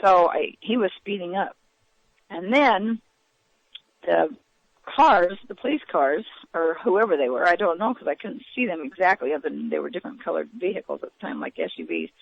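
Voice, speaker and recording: A woman recounting events as an interview guest, in a halting way with many fillers and restarts. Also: on the low side, very animated, creaky. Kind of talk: eyewitness account in a radio interview. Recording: dull, lo-fi radio audio.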